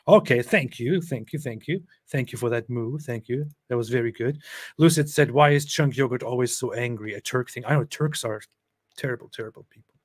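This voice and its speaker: A man's voice: medium pitch, fairly quick, no echo. A man hosting a live stream, reading out chat messages and reacting to clips with sarcastic, chuckling commentary.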